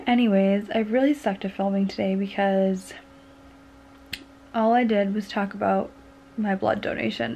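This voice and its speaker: A woman's voice: medium pitch, creaky, a little hiss or hum. A woman in her twenties chatting casually to her own camera as a vlogger, rambling with plenty of "like" and "um". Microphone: handheld compact camera.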